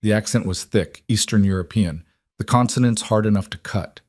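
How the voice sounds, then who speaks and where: A man narrating a scripted romance story in a steady, dramatic manner. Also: lowish voice, normal speed, no room sound, clean studio sound.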